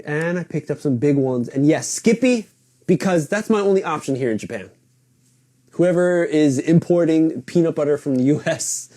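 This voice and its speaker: A man's voice: a little high, mellow. A man hosting a weekly hobby podcast, chatting loosely and rambling, swearing casually as he talks. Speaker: podcast host. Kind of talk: casual live-stream chat. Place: home in Japan.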